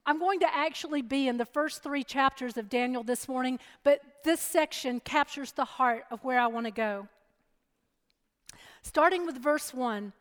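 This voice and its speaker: High-voiced woman preaching in a reverberant hall. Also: normal speed. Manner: lively, chatty storytelling. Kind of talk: sermon with personal storytelling.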